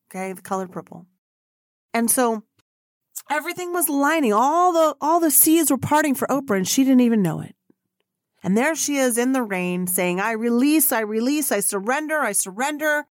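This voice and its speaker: A woman's voice: fairly high pitch, no room sound, studio quality. A woman hosting a solo podcast, telling stories in a blunt, profane way and acting out the people she quotes. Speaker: podcast host.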